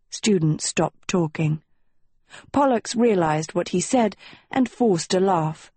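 A woman narrating a storybook in a measured, even way. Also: on the low side, husky, dry recording. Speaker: audiobook narrator. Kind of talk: scripted narration.

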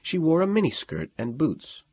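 A man narrating a science fiction story in an expressive, dramatic audiobook reading. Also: on the high side, moderate pace, slightly rough, dry recording.

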